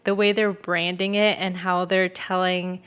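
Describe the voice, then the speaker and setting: She's a young adult woman hosting a podcast, with a fairly low, smooth, slightly bright voice that stays level and runs a little slow. Chatting casually, she curses freely, uses "like" heavily, and acts out the people in her family stories.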